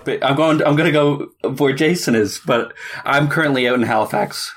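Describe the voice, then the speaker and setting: A man's voice: a little high, moderate pace. A young man from Cape Breton Island in Canada, a podcast guest chatting casually, hesitant and giggly. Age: young adult. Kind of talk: casual chat.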